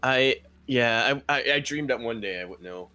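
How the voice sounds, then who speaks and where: A man's voice: medium pitch, normal speed, pushed and bright, clean tone. A man co-casting a live esports tournament in laid-back, joking banter with frequent laughs. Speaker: esports co-caster. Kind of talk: casual live commentary banter.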